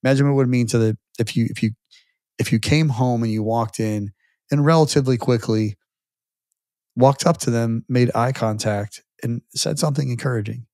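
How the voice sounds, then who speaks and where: A man in his fifties co-hosting a podcast, pushing his point with motivational emphasis and frequent restarts. His mid-pitched voice sounds dry and close, with no room around it. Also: moderate pace, darkish tone, dry recording. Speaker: podcast co-host. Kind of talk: casual podcast conversation.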